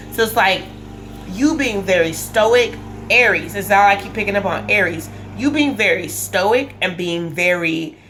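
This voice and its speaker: A woman with a mid-range, somewhat bright voice gives a casual tarot reading to the camera. She's emphatic and repetitive, restating her points as she thinks out loud, and there's a little hiss or hum in the recording.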